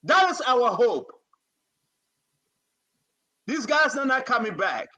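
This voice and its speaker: A man hosts a political talk show with a very high, sharp, forceful voice. He pleads and scolds in fervent, rapid repetitions. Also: sing-song. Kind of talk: impassioned political commentary.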